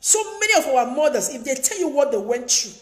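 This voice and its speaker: A woman's voice: sits high, sing-song, a little fast. A woman giving emphatic, preachy advice in a lecturing monologue, repeating her points. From Africa. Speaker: advice vlogger. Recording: echoey room.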